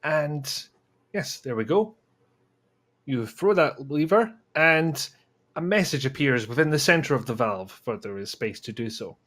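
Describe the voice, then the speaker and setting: Male panelist, medium pitch, dry self-mocking delivery, casual. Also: expressive, unhurried, a bit bright.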